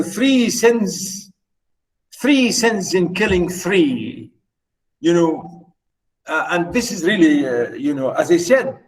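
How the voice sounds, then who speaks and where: A man lecturing on poetry, animated, asking the class rhetorical questions and reading verse aloud slowly. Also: high voice, distant mic, poor audio. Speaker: literature lecturer.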